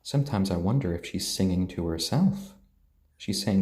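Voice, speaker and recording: A man with a mixed British and American accent, chatting gently on a live stream and cooing to his pets. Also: sits low, animated, moderate pace, echoey room. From born in Tokyo, raised British and American. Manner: gentle, soft-spoken, coos at pets. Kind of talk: casual live-stream chat.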